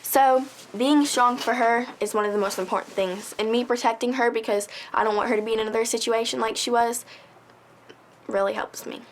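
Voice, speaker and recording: An earnest woman recounts her own life in an interview, her voice sitting fairly high. She speaks with feeling and falls readily into quoting past exchanges. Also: steady tone, a little fast, a little hiss or hum. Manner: earnest, emotional, tells stories with quoted dialogue. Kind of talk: personal testimony.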